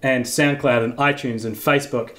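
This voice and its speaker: A man with a New Zealand accent hosting a podcast, laid-back and quick to laugh in casual chat. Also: medium pitch, steady tone, fairly bright tone. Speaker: podcast host.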